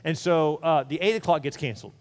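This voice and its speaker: A man's voice: fairly high pitch, fast talker, a little mellow, in a large hall. A man preaching a sermon, telling a candid personal story in a chatty, conversational way, with asides to the congregation. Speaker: pastor. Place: church.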